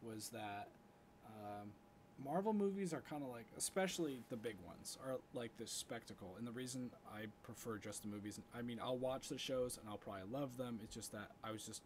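A man co-hosting a podcast in casual chat, animated and getting louder as he gets worked up. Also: medium pitch, a little fast, a little hiss or hum. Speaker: podcast co-host.

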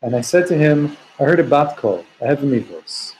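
A man leading a text study class. He translates Hebrew and Aramaic phrases line by line and slows down to quote verses. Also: fairly high pitch, big pitch swings, darkish tone, a little hiss or hum, poor audio. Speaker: teacher.

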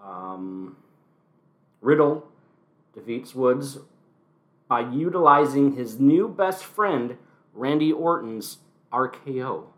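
A man's voice: mid-range voice, lively intonation, slow, long pauses, a bit bright. A man hosting a casual solo wrestling recap podcast, talking with wry, sarcastic asides, recorded at home. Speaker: podcast host.

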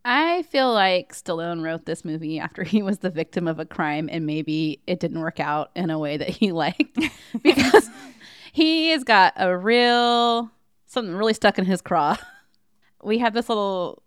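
A woman co-hosting a podcast, chatting casually and telling stories in an animated, giggly way. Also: fairly low pitch, moderate pace, clear, resonant tone, no room sound, clean studio sound. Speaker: podcast co-host. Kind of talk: casual chat.

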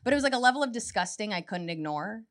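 A woman's voice: mid-range voice, expressive, quick pace. A woman in her thirties doing a stand-up comedy set, telling wry, self-mocking stories that build to punchlines. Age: 30s. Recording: noisy live stand-up recording.

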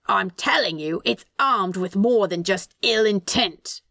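A woman reading aloud and voicing a dramatic, paranoid male demon who yells indignantly. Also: mid-range voice, lively intonation, measured pace, vocal fry, dry recording, clean studio sound, exaggerated voice. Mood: panicked. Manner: theatrical, indignant yelling.

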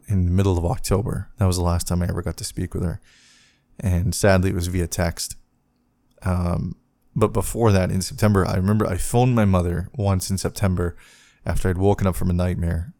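A man hosting a personal podcast, talking in a halting, reflective way with many restarts. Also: low voice, gravelly, a little mellow, dry recording. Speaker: podcast host.

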